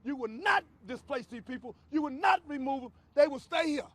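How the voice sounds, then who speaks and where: An older man, a community activist shouting a fervent protest speech and repeating himself. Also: extremely high pitch, expressive, brisk, dry recording.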